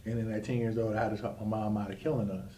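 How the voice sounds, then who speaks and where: A man's voice: fairly low pitch, flat delivery, rapid-fire, warm tone, slight background noise. Earnest man telling his story, distant mic. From Cleveland, Ohio. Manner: earnest, reflective, with hesitations. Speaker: co-host. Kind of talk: personal life story in conversation.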